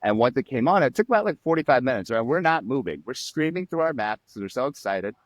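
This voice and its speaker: A man telling personal stories as a podcast guest, animated and acting out quotes. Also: mid-range voice, fast talker, dry recording. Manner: animated storyteller, acts out quotes and sound effects. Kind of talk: storytelling in a podcast interview.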